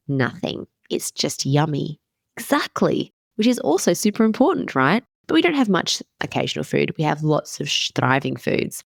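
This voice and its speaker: A woman's voice: low-pitched, vocal fry, no echo, studio quality. A woman in her thirties hosting a casual motivational podcast as a wellness coach, candid and emphatic, swearing casually.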